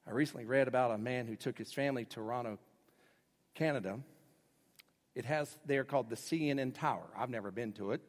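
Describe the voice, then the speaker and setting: A man preaching a sermon as pastor, dramatic, swinging between loud bursts and hushed lines. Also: medium pitch, fairly quick, in a large hall.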